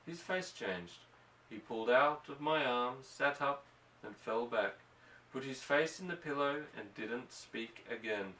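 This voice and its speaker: A man voicing an anxious ranch wife and mother, speaking softly and with worry. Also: medium pitch, lively intonation, a little slow. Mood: anxious, hushed. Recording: roomy, distant mic.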